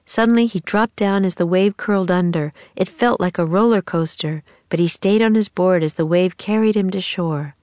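Lady reading a kids' chapter book, lowish voice, dry close sound. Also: a little mellow, no room sound. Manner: clear, measured storytelling. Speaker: audiobook narrator. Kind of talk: children's book narration.

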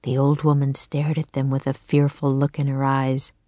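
A woman narrating a children's storybook aloud in a calm, even manner. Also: a bass voice, moderate pace, dry recording.

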